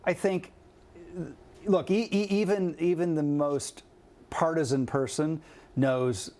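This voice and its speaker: A man's voice: fairly high pitch, fairly even intonation, slow pace, a little mellow. A man in his forties from Ohio, a guest actor on a TV interview, answering with wry, self-deprecating humor.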